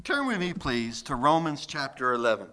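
A man's voice: medium pitch, sing-song, normal speed, bright, forceful tone. A man, a pastor, preaching a sermon in a folksy, emphatic way with jokes.

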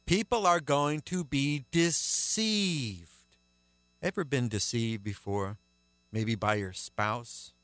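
A radio host with a medium-pitched voice preaches a sermon emphatically, swinging between loud declarations and hushed asides.

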